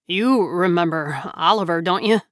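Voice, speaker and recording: A woman's voice: medium pitch, slow pace, a bit bright, clear, resonant tone, dry recording, studio quality. A woman reading the lines of an anxious husband and father in a storybook, his voice strained, uncertain and slightly trembling. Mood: uneasy.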